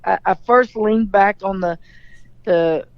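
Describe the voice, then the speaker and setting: A woman's voice: mid-range voice, takes it slowly, clean tone, no room sound, lo-fi sound. A middle-aged woman from Louisiana, a basketball coach answering interview questions in a forthright, storytelling manner.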